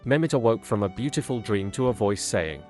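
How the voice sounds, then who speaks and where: A man calmly narrating a scripted storybook tale in a measured way. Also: lowish voice, soft background music.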